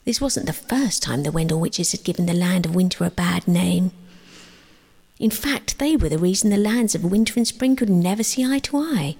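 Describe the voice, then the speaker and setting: A woman reading her own sleep story aloud, gentle and slow, often dropping into a whisper. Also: fairly low pitch, lively intonation, husky. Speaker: storyteller and author.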